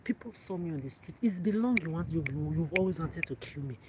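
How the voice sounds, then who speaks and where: A woman's voice: deep voice, animated, fast talker. A woman, hosting a livestream in a defiant, profane, repetitive rant. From Africa. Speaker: livestream host. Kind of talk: angry livestream monologue. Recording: loud background noise.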